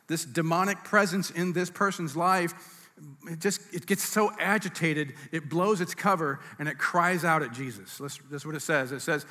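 A man's voice: fairly high pitch, moderate pace, sharp tone. A man preaching a sermon as pastor, in a conversational teaching manner with asides and restarts. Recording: reverberant hall.

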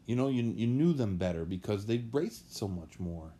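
Guy with a lowish warm voice, rambling through old racing stories on a podcast. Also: lively intonation, moderate pace. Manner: rambling, anecdotal storyteller. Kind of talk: casual podcast chat.

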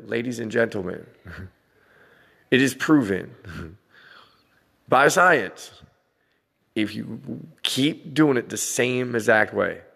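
Gravelly man in his forties ranting. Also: lowish voice, a bit bright, long reverb tail. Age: 40s. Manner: blunt, swearing, laughing between lines. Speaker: vlogger dad. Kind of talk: casual rant to camera.

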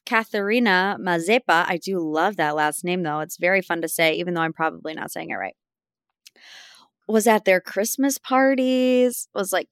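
A young woman hosting a casual celebrity gossip rundown, chatty and sarcastic with animated asides. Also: fairly low pitch, clean tone, dry recording, studio quality.

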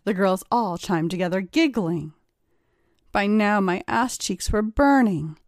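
A woman reads an erotic story aloud at an unhurried, measured pace. Her voice sits at a middle pitch and the recording is dry and close. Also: lively intonation, dry recording. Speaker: narrator.

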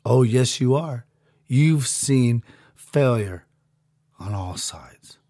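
A man voicing a sassy male overlord of a pill in a low, hushed whisper, in whispered role-play. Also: animated, very slow, no echo, clean studio sound, heavily acted. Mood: solemn.

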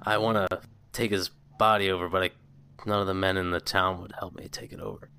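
A man's voice: sits low, flat delivery, brisk, bright, forceful tone, clear, resonant tone. A man voicing a drunken, self-pitying young man who rambles, grumbles and snaps at people. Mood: rambling drunk.

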